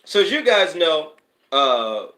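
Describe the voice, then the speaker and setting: A man's voice: a little high, sing-song, slow, bright, forceful tone. A man, a spiritual advisor, hosting a live stream in a casual, rambling way, with sudden preacher-like bursts of emphasis. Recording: echoey room.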